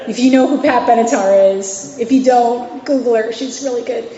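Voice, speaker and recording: A New York City and Virginia woman in her forties is the guest speaker at a meeting, giving an honest, conversational account of her recovery and often filling or restarting her sentences. Her voice sits on the high side, warm, at a normal speed. Slight background noise, an echoey hall, and a dull lo-fi recording round out the clip.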